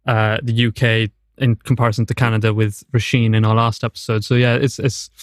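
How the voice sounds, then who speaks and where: A man hosting a casual interview, asking questions haltingly with fillers. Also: on the low side, flat delivery, dry recording, clean studio sound. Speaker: host.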